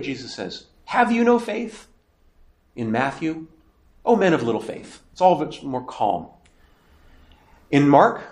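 In an echoey room, a man with a mid-range voice teaches a Bible class as a catechism lecture. He is emphatic yet conversational, posing questions and then answering them himself.

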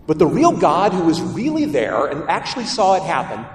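A male priest preaching in a large church, his voice carrying a long reverb from a mic set well back. He tells lively stories and throws rhetorical questions to the congregation. His delivery is animated, pitched a little high for a man. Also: moderate pace, slight background noise. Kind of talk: sermon. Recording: echoey church from far off.

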